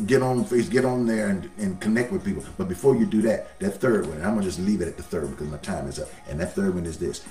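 A man's voice: lowish voice, echoey room, distant mic. A man preaching a sermon as pastor, folksy, his voice swelling up and dropping down.

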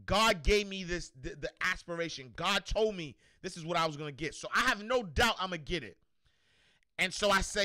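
A man hosting a motivational livestream, animated and slangy, repeating himself and shouting out viewers. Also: high-pitched, moderate pace, no echo, studio quality. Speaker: show host.

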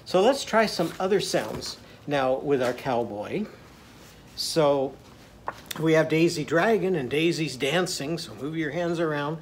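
A man's voice: fairly high pitch, a little slow, slight background noise. A man teaching a children's phonics lesson in a playful, sing-song way, leading the listeners in call-and-response chants. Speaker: literacy teacher.

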